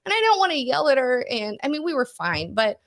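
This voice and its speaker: A middle-aged woman co-hosting a podcast, telling a story in an animated, breathless way with quick asides. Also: sits high. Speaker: podcast co-host. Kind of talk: casual storytelling chat.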